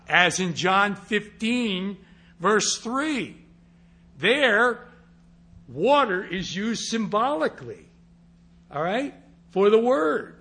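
A man's voice: sits high, pushed and bright. A man teaching a class on interpreting scripture, speaking emphatically and often checking that his listeners follow. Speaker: Bible teacher.

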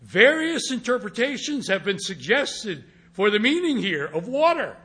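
Man, Bible teacher, classroom lecture, emphatic, bright forceful voice. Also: sits high, big pitch swings, measured pace, husky. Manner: emphatic, checks in with listeners with questions. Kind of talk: classroom lecture on scripture interpretation.

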